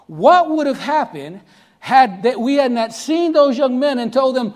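A man's voice: extremely high pitch, unhurried. A middle-aged man preaching, telling a story animatedly and acting out the voices, often asking listeners if they are following. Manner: animated, acts out voices in quotes, asks the audience if they follow. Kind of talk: sermon storytelling.

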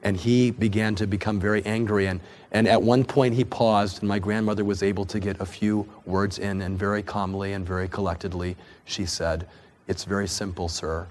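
A man's voice: lowish voice, steady tone, a little fast, darkish tone. A man preaching, telling a family story in an earnest way, often repeating and restarting words. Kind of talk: sermon storytelling.

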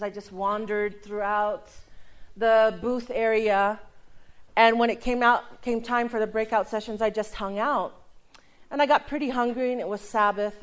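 A woman giving a personal testimony sermon, telling a story and acting out the dialogue, sometimes dropping to a hushed voice for emphasis. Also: mid-range voice.

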